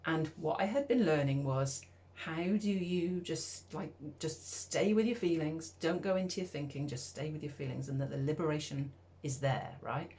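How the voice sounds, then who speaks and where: A middle-aged woman from the UK telling a personal story in a lively, conversational way, acting out her own thoughts. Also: low voice, brisk. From United Kingdom. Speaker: speaker.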